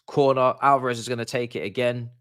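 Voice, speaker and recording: A man's voice: mid-range voice, steady tone, fast, a bit bright, smooth, no echo, clean studio sound. A man streaming a live watch-along, chatty and slangy, with casual commentary on the match. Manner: chatty, slangy, groans and repeats "no" when annoyed.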